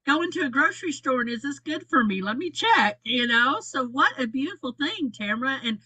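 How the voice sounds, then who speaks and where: A woman's voice: sits high, expressive, fairly quick, sharp tone, breathy edge, no room sound, low-quality recording. A woman hosting a casual chat, giving friendly, encouraging advice.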